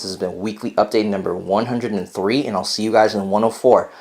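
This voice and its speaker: A man's voice: on the low side, steady tone, a little fast, darkish tone. A young man hosting a casual weekly vlog update, rambling with lots of fillers and self-corrections while chewing gum. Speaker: vlog host. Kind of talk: casual chat to viewers.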